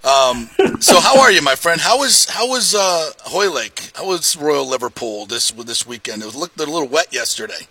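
A man hosting a local sports talk show and reading live ads, energetic and joking with loud emphatic delivery. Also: fairly high pitch, normal speed, few pauses. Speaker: sports radio host.

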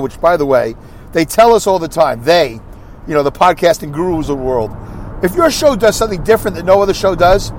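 A man hosting his own podcast, reading listener comments aloud in a rambling, animated way with mocking asides. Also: high-pitched, a little hiss or hum. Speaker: podcast host.

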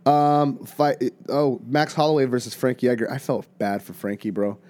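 A man's voice: mid-range voice, moderate pace, warm tone. A man hosting a podcast in casual chat, rambling and stammering, swearing freely as he talks fight sports. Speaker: podcast host.

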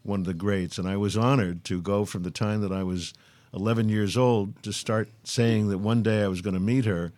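Low-voiced older man, measured. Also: fairly even intonation, a little mellow, no room sound. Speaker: guest. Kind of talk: reflective storytelling.

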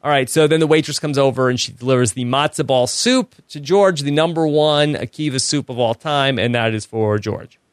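A man hosting a podcast in easy, relaxed chat, with a mid-range voice and frequent laughs. The recording is close and dry. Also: medium pitch, fairly quick, clear, resonant tone, no room sound. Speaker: podcast host. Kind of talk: casual chat, recapping episodes.

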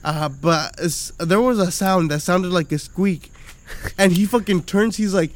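A middle-aged man with a rather high voice rambles through stories in a loose, drunken podcast chat. His talk is full of swearing, and he keeps circling back to the point. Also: measured pace. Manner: profane, rambling storytelling. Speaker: podcast host.

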